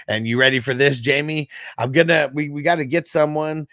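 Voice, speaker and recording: A man's voice: mid-range voice, steady tone, normal speed, few pauses, a bit bright, clean tone, no room sound, studio quality. A young man hosting a casual livestream, reading out chat comments in a loose, rambling way and swearing freely. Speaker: host.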